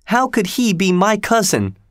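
A man's voice: sits high, very animated, moderate pace, no room sound, clean studio sound, pitched above the performer's own voice. A man voicing a spoiled, haughty thirteen-year-old girl, demanding and imperious in a raised voice. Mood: upset.

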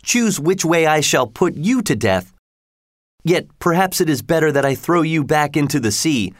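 A man's voice: fairly high pitch, lively intonation, moderate pace, dry recording, studio quality, pitched above the performer's own voice, lightly acted. A man voicing a triumphant fisherman who scolds a trapped genie in a read-aloud folk tale, declaiming sternly. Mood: gloating. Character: boastful, triumphant poor male fisherman.

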